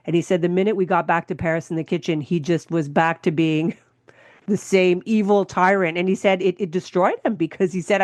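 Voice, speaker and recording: A woman co-hosting a podcast in casual chat, telling animated stories and breaking in often to agree. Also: lowish voice, no echo. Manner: animated storyteller, quick agreeing interjections. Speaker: podcast co-host, food writer.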